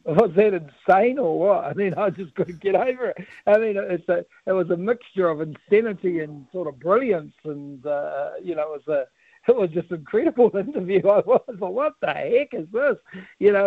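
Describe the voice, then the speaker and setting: A man's voice: high-pitched, no echo. New Zealand man on a tinny phone line. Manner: rambling, laughs often, lots of fillers. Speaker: politician guest, campaign director. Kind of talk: phone-in radio interview.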